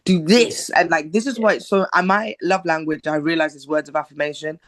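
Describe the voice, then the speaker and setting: A woman from Zimbabwe, a singer talking as a podcast guest in a soft-spoken, reflective, halting way. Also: deep voice, fairly even intonation, no echo. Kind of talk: casual interview chat.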